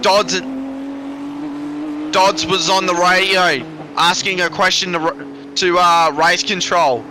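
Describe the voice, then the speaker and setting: A man calling a sim race live, excitable and rambling, a little out of breath. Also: sits high, slow pace, long pauses. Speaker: sim racing commentator. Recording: noisy background.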